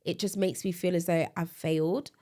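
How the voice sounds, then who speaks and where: Casting note: woman co-hosting a podcast, chatty and animated, tired with a slight cold. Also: lowish voice, normal speed. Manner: chatty, animated, laughs often. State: tired, a bit bunged up with a cold. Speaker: podcast co-host. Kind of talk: casual chat.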